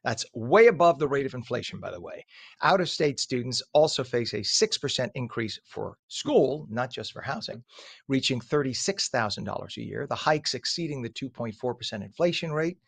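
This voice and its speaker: A man's voice: mid-range voice, animated, moderate pace, gravelly, a bit bright, husky, dry recording. A man hosting a morning radio show, reading traffic and news with blunt, opinionated asides in a casual way.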